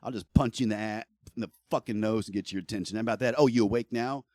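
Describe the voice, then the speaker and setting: A man's voice: on the low side, fairly even intonation, racing, a little mellow, no echo. A middle-aged man streaming live, talking casually and bluntly, ranting heatedly and swearing a lot. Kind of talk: casual livestream talk.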